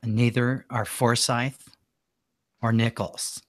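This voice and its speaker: A man's voice: mid-range voice, flat delivery, slow, slight background noise, close to an everyday voice. A man playing a vengeful tentacled shapeshifter woman in a tabletop game, menacing and defiant.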